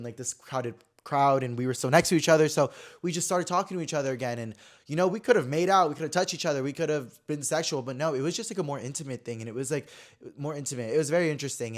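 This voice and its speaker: A man in his twenties hosting a podcast, telling a personal story in a chatty, filler-heavy way that swings between dramatic and subdued. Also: mid-range voice. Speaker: podcast host. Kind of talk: casual storytelling chat.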